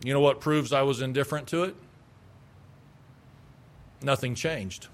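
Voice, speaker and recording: A man's voice: medium pitch, a little slow. A middle-aged male pastor preaching a sermon with emphasis, acting out the replies people give. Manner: emphatic, acts out quoted replies.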